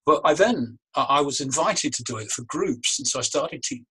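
A man's voice: medium pitch, lively intonation, moderate pace, pushed and bright, husky, low-quality recording. A man, a magician and breathwork coach, explaining his practice in a thoughtful interview over a video call, often restarting his phrases. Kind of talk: relaxed explanatory interview talk. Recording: remote call audio.

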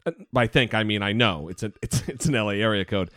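A man's voice: lowish voice, fast talker, a bit bright, dry recording, studio quality. A man hosting a podcast, in blunt, profane and teasing casual political chat. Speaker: podcast host.

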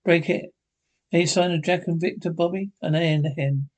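Actors playing cheeky, bickering older Scottish pensioners in a broadcast sitcom, trading sweary banter. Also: male voice, fairly high pitch, steady tone, a little fast, close to an everyday voice.

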